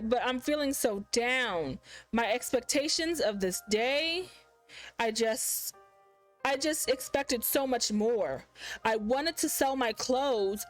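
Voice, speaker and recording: A woman's voice: a little high, low-quality recording. A woman hosting a gaming channel, reading a visual novel aloud in the first person and chatting about it expressively.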